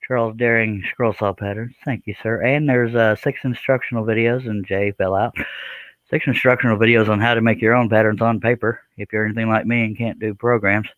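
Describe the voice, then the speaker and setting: A man's voice: medium pitch, no echo, narrow, tinny audio. A man hosting a live stream, chatting casually in a joking, rambling, self-deprecating way. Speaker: live stream host, scroll saw artist.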